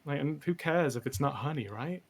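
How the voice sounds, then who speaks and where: A man's voice: on the high side, expressive, a little fast, breathy edge. A man narrating a tabletop role-playing game as game master, rambling and correcting himself as he goes. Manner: rambling, chatty, self-interrupting.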